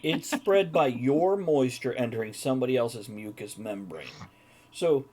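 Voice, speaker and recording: A man's voice: medium pitch, lively intonation, a little slow, a little mellow. A man hosting a live-streamed talk show, joking and reading chat messages aloud in casual chat. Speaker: host.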